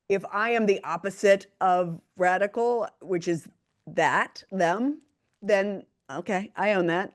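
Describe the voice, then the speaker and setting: A middle-aged woman co-hosting a podcast, speaking emphatically and laughing easily in casual political talk. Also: medium pitch. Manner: animated, emphatic, quick to laugh. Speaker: podcast co-host.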